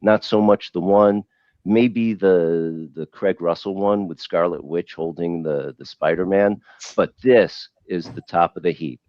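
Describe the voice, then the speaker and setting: Man, very deep voice, casual and emphatic, dry muffled recording. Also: measured pace, no room sound. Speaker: comic art collector. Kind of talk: casual panel discussion. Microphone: video call.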